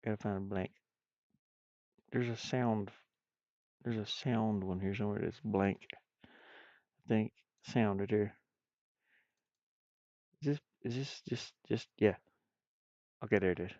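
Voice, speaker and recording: On a muffled recording with no room sound, the indie game developer, stuffy-nosed, rambles and talks to himself during a casual live stream of his game-building, chuckling often. His voice is lowish and darkish, slow, with frequent pauses.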